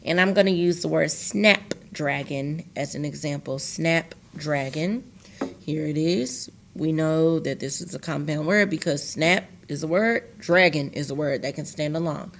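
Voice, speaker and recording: A woman teacher recording a lesson for young students, slowly sounding out words syllable by syllable and talking to the class directly. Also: low-pitched, creaky, slight background noise.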